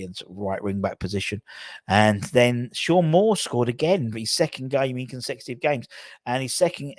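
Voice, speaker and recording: A man's voice: mid-range voice, no room sound, studio quality. A man hosting a football channel, giving casual, rambling commentary full of self-corrections.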